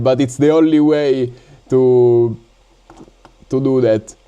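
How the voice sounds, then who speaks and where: A man's voice: medium pitch, steady tone, dark tone, smooth, muffled recording. Italian-accented man chatting on a livestream. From Italy. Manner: halting, with many fillers and laughs. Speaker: drone hobby livestreamer. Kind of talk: casual live-stream chat.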